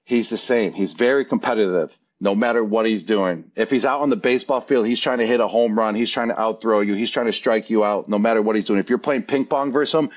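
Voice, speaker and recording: A man in his thirties with a low-pitched voice tells locker-room stories as a podcast guest. He talks casually and animatedly, and his voice jumps up whenever he acts out a quote. The recording sounds somewhat dull and lo-fi. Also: fast, few pauses. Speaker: guest, former tight end. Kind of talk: casual interview storytelling.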